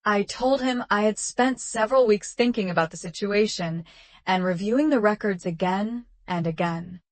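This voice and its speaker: A woman narrating a first-person drama story in a calm, measured, even way. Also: mid-range voice, dry recording.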